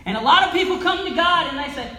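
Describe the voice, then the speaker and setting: A woman preaching a sermon in a church, swinging from loud calls to near-whispers. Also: extremely high pitch, expressive, quick pace. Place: church sanctuary. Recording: echoey church with faint noise.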